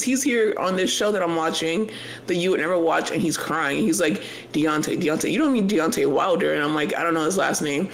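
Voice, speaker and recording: A man co-hosting a podcast, telling stories in an animated, chatty way with quick asides. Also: a little high, creaky, slight background noise, low-quality recording. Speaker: podcast co-host. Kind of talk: casual chat.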